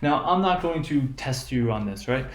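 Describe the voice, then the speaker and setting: A male teacher gives a lecture, stopping and restarting often and checking in with his students. His voice sits at an ordinary pitch and carries a roomy echo. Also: lively intonation, a little hiss or hum. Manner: halting, many fillers and "right?" checks.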